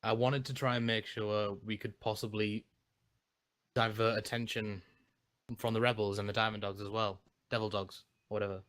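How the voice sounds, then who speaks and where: A man's voice: fairly low pitch, level tone, normal speed, a bit bright. A man playing a tabletop game, speaking casually in and out of character and swearing freely. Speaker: player. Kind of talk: casual tabletop role-play.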